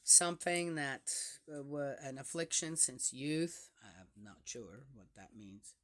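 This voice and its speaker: A woman's voice: a bass voice, takes it slowly, fairly bright tone. A woman reading psalms aloud and stopping to reflect on them in a hesitant, musing way, often checking in with the listener by asking "yes?". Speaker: scripture reader.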